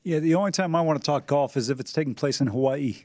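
Man, co-host, wry, fast talker, high pitched. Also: warm tone, no echo, soft background music. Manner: quick, wry remarks. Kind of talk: sports betting radio talk.

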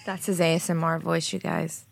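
Woman co-host, low gravelly voice, teasing and sarcastic. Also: animated, normal speed. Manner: sarcastic, teasing, swears freely. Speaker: podcast co-host. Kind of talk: casual chat.

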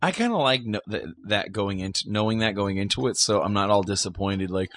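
A man co-hosting a casual fan podcast, excitable and quick to mimic silly voices. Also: fairly low pitch. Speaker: podcast co-host. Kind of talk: casual chat.

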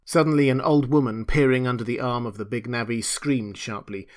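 A man reading a classic novel aloud in measured, dramatic storytelling narration. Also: medium pitch, steady tone. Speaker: audiobook reader.

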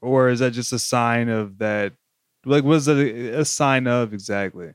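A man's voice: medium pitch, moderate pace, clean tone, no room sound, studio quality. A man co-hosting a podcast, asking rambling, curious questions. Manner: inquisitive, asks rambling questions. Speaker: podcast co-host. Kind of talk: casual chat.

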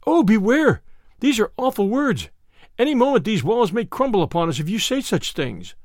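A man's voice: high voice, very animated, normal speed, a little mellow, no echo, studio quality, pitched above the performer's own voice. A man voicing a fearful young page boy who talks in old-fashioned, pleading speech. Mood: frightened.

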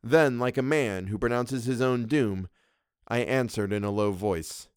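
A man reading a classic story aloud as a podcast narrator, with measured, even storytelling. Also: mid-range voice, smooth, no room sound, clean studio sound.

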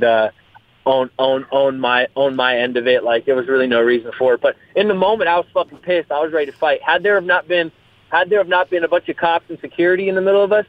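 A man's voice: medium pitch, no echo. A young man, a fighter, talking in a casual interview, rambling, repeating his words and swearing freely. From US West Coast. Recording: tinny phone-like line.

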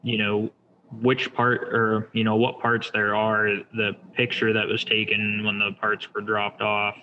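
Guy with a low flat voice going thru his shop software, lots of you know and um, kinda lo-fi sound. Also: a little slow, slight background noise. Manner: relaxed, explaining step by step with many fillers. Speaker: shop owner demonstrating software. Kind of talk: casual screen-share demo.

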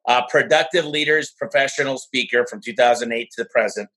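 A man hosting a podcast, giving an energetic, somewhat rambling introduction of his guest. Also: mid-range voice, brisk, slightly rough, rough recording. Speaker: podcast host. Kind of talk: casual podcast interview.

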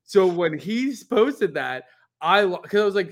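Chatty man with a slightly high voice. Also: moderate pace. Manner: animated, rambling storyteller with lots of "like"; swears casually. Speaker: podcast co-host. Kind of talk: casual chat.

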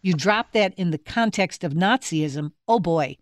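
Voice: medium pitch, expressive, measured pace, no echo, clean studio sound. A radio show host asking long, leading questions and praising the guest's work. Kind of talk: interview.

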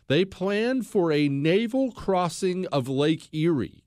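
A man's voice: high voice, expressive, slow, a little mellow, no echo, studio quality. A man hosting a podcast, telling history in a blunt, opinionated way, mocking people and acting out quotes. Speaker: podcast host.

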